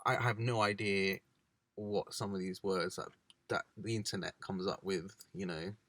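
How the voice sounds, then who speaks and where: A man's voice: deep voice, steady tone, moderate pace, fairly bright tone, dry recording. Laid-back guy chatting. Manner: chatty, laid-back, drops into slang impressions. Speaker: podcast co-host. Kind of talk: casual chat. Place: parked car.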